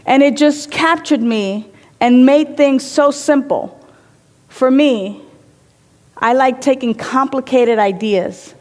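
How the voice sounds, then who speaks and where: A woman's voice: fairly high pitch, darkish tone, in a large hall. A woman giving an inspirational sermon in a reflective manner, telling stories and repeating phrases for emphasis. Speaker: inspirational speaker.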